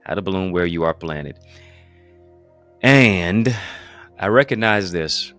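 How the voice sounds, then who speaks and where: A man's voice: deep voice, expressive, slow, pauses often, a bit bright, soft background music. A man preaching as a pastor, in an emphatic, repetitive cadence full of rhetorical questions. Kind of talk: motivational preaching.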